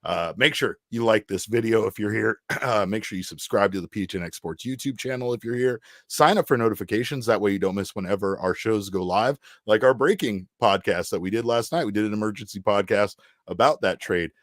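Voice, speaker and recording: A man hosting a live sports show in casual, joking banter, breaking into loud excited bursts. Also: lowish voice, a little fast, few pauses, no room sound, clean studio sound.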